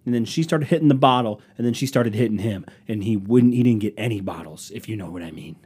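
A man's voice: lowish voice, fast talker, darkish tone, husky. A young man hosting his own podcast, ranting sarcastically about rude customers and mocking them in put-on voices. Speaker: podcast host. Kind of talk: solo comedic podcast rant.

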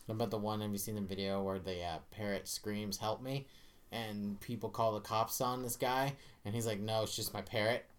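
Rambling, crude podcast co-host. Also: male voice, fairly low pitch, fairly even intonation, normal speed. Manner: crude, rambling, heavy with fillers. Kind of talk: casual rambling chat.

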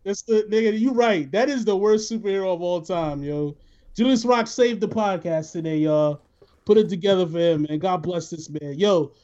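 High-voiced joking podcast host, man. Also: moderate pace, a little mellow. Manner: joking, laughs often, runs the show. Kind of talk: casual podcast banter. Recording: dull lo-fi podcast audio.

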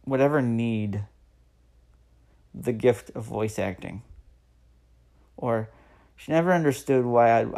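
A man's voice: mid-range voice, darkish tone. A man in his thirties hosting a solo podcast, talking earnestly and encouraging listeners, repeating phrases for emphasis. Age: 30s. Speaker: podcast host. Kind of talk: solo motivational podcast talk.

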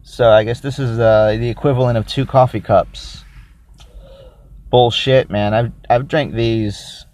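A man hosting a casual solo podcast who rambles, thinks out loud and makes crude, self-mocking jokes while reviewing a drink. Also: mid-range voice, fairly even intonation, unhurried. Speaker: podcast host.

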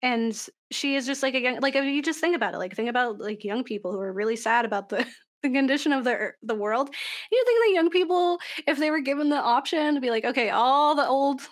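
A young woman with a high voice talks in a loose, casual podcast chat. She is animated and laughs often. Her sentences run on with likes and ums. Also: fast talker.

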